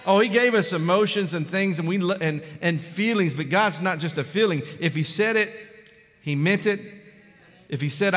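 A pastor in full sermon, his high, bright voice ringing through a reverberant church hall. He preaches with fervor, rising loud and dropping soft, and keeps calling out to the congregation. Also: normal speed.

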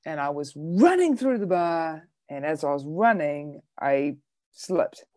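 A woman's voice: low voice, lively intonation, slow, darkish tone, no echo, studio quality. A woman comedian chatting casually, telling a rambling story about a show she hosted. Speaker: comedian and bingo host. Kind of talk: casual chat.

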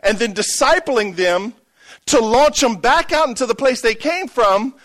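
A man's voice: very high voice, animated, a little slow, fairly bright tone. A middle-aged pastor preaching a sermon, telling a story and calling out to his congregation for a response.

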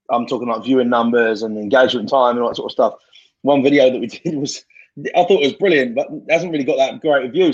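A man's voice: mid-range voice, husky, dull audio. A man in casual podcast chat, blunt and sweary, giving fired-up motivational advice. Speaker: podcast guest.

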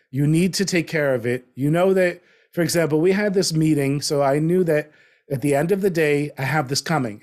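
A man in his fifties talking in a relaxed conversation, reflective and getting animated as he makes a point. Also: on the high side. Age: 50s. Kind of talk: casual conversation.

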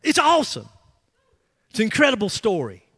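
A middle-aged man preaching a sermon in a church, telling a story with animated emphasis and frequent restarts. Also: sits high, a little fast, slightly rough. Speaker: pastor. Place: church sanctuary. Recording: long reverb of a large hall.

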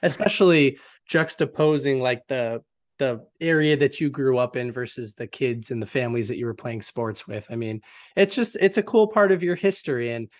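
A man hosting an interview, who reviews books for a living. He frames long, engaged questions and laughs lightly along with his guest. His voice has an ordinary pitch for a man. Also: normal speed.

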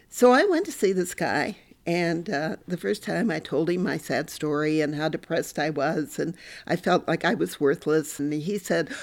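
Older woman with a gravelly voice. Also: on the low side. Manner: candid, animated storyteller. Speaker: guest, professor. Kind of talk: podcast interview, storytelling.

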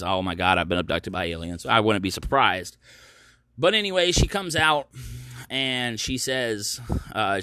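A man's voice: mid-range voice, pushed and bright. A man hosting his own podcast, telling a story in a sarcastic, profane, ranting way. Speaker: podcast host. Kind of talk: casual ranting commentary.

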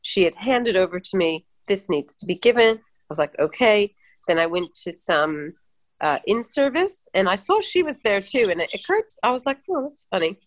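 A woman who works as a midwife, chatting casually and telling work stories in an expressive, animated way. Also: mid-range voice, moderate pace. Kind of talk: casual chat.

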